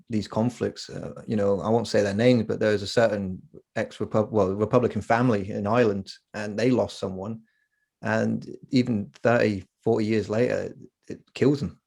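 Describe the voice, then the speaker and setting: A man's voice: lowish voice, fairly even intonation, moderate pace, creaky, darkish tone. A man hosting a casual podcast conversation, earnest and informal, often stumbling over his words. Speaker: podcast host.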